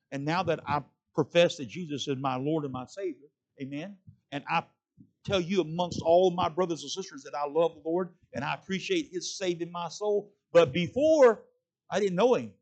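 A middle-aged pastor delivers a folksy, plain-spoken sermon, often calling out "amen?" to the congregation. His voice is a little high with a darkish tone.

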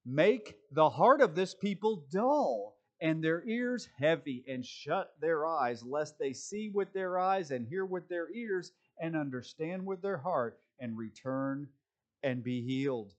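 A man's voice: on the high side, lively intonation, slow pace, dull audio. A male pastor preaching a sermon from the pulpit, reading scripture aloud and then shifting into loose, conversational asides. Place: church pulpit.

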